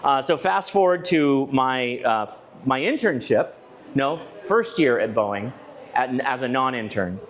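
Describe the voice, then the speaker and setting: A man's voice: mid-range voice, animated, measured pace. Chatty man giving a club talk. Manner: chatty storytelling with frequent restarts and asides to the audience. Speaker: ham radio channel presenter giving a club talk. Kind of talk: conversational presentation to a live audience. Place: club meeting room with a live audience.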